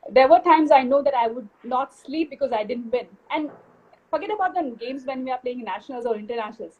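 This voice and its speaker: A woman's voice: sits high, lively intonation, a little fast, darkish tone, dull audio. A woman speaking as a guest on a live video call interview, candid and self-assured, laughing easily. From India. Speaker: guest basketball player.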